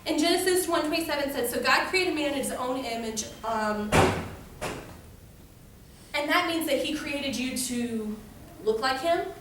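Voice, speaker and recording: A woman's voice: high-pitched, expressive, unhurried, long pauses, background noise. A young woman giving a casual devotional talk to a youth group, chatty, with lots of fillers as she tells stories. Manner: chatty, filler-heavy storytelling. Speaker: youth speaker. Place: room with a youth audience. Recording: very echoey room from far off.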